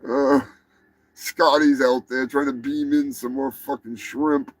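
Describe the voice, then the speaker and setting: On a rough recording with no echo, a show host with a steady mid-range voice speaks at a measured pace. He rants live about odd animal news, profane and rambling, laughing mid-sentence.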